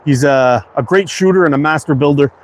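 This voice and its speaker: A man in his fifties from Quebec speaks English with a slight French-Canadian tinge. His voice sits a little high for a man. He chats casually with viewers on a livestream, reading their comments and often doubling up his words. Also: fairly quick. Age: 50s. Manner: friendly, repeats words, reads chat aloud. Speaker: livestream host.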